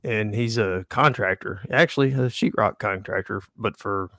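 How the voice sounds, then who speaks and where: Gravelly laid-back fishing guide man. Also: lowish voice, moderate pace, a bit bright, dry recording. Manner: laid-back storyteller, dry humor, chuckles. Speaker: fly fishing guide, podcast co-host. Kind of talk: casual chat.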